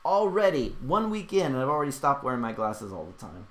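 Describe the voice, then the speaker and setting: A man's voice: medium pitch, sing-song, a little fast, fairly bright tone. A man hosting a casual livestream, reading out chat questions and answering them in a rambling way, with lots of fillers and restarts.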